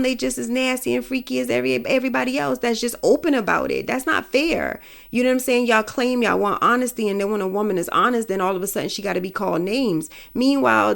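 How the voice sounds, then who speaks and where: A woman's voice: medium pitch, gravelly. A woman hosting a podcast, giving her opinions in a blunt, vulgar, emphatic way with speech. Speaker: podcast host. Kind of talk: casual opinion monologue.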